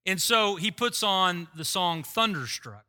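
A middle-aged man delivers a sermon from the pulpit in a high, piercingly bright voice. He tells his story with lively, self-deprecating humor before turning earnest. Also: a little slow. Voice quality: voice likened to a screaming rock singer. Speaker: pastor.

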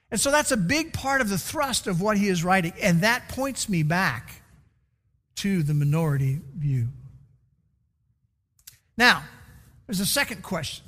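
A man's voice: sits high, a bit bright, long reverb tail. A man preaching a sermon as pastor, teaching and repeating key words for emphasis.

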